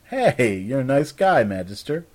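A man voicing Raven, a bold, teasing young woman adventurer, in a storybook reading with a husky voice. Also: medium pitch, sing-song, measured pace, voice pushed up. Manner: teasing, cheeky.

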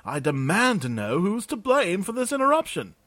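A man's voice: high-pitched, wildly swooping pitch, moderate pace, a bit bright, voice pushed up, heavily acted. A man voicing a fussy, self-important male bureaucrat who complains indignantly in a raised, strained voice. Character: fussy pompous male bureaucrat, middle-aged.

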